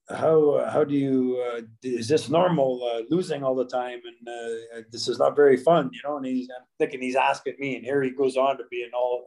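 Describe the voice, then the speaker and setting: Rambling middle-aged man with a flat voice. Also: mid-range voice, rough recording. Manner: rambling, with many restarts and fillers. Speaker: guest, former pro hockey player. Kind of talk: casual interview.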